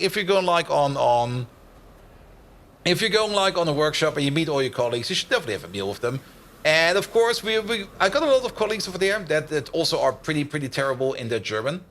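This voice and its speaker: Lively bright-voiced man streaming a game. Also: a little high. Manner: rambling, chatty, heavy on "like" and "uh"; thinks aloud while building, answers chat. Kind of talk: casual gameplay commentary.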